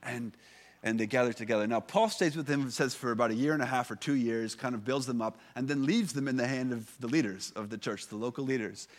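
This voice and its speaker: A man's voice: medium pitch, fast talker. A man in his thirties, a pastor, giving a conversational sermon with many fillers and restarts.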